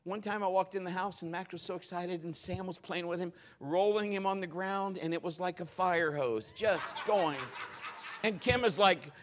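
A man preaching a sermon, telling stories in a jokey, animated way. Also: high voice, normal speed, hardly any pauses, a little hiss or hum.

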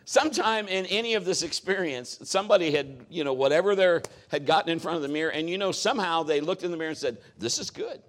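A man's voice: a little high, fast, few pauses, a bit bright. A middle-aged man preaching a sermon as a pastor, talking in a conversational, folksy way with joking asides.

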